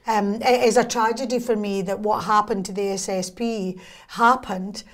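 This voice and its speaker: Speaking in a mid-range voice, a woman from Scotland is a guest in an interview, where she talks casually and spins lively tales with swift, wry wit.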